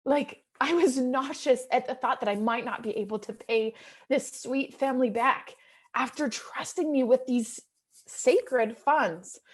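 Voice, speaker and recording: A woman's voice: high voice, unhurried, husky. A woman in her thirties, a real estate investor, telling an earnest and emotional personal story to an audience. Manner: emotional, earnest storytelling that swings from hushed to excited.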